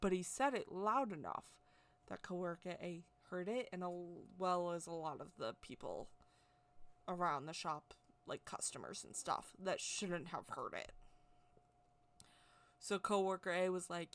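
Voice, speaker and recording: A woman's voice: fairly low pitch, expressive, unhurried. A woman vlogger telling a casual story in a rambling way, often repeating and correcting herself. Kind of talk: casual spoken anecdote.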